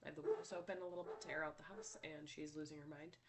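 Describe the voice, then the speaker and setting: A woman's voice: low voice, fairly even intonation, rapid-fire, very noisy. A young woman talking in a candid, rambling way in a personal vlog, her voice stuffy and congested. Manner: candid and rambling, many fillers. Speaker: vlogger.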